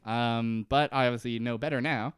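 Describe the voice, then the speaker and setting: A man's voice: mid-range voice, fairly even intonation, normal speed, clear, resonant tone, no echo, studio quality. A man co-hosting a podcast, casually recapping a TV episode, laughing often and swearing freely. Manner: laughing, swearing, retelling scenes. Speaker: podcast co-host.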